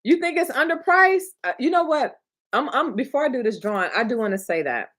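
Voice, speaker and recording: Her voice is high-pitched and animated, and she talks a little fast. She's a Michigan woman in her 30s to 40s who hosts a livestream and trains notary signing agents, chatting warmly with her audience, reading the chat, laughing often and getting emotional.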